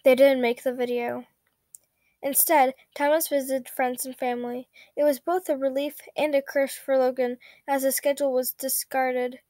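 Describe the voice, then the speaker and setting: A woman reading a story aloud at a steady pace, with small slips and self-corrections. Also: high-pitched, moderate pace, dry recording. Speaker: fanfiction reader.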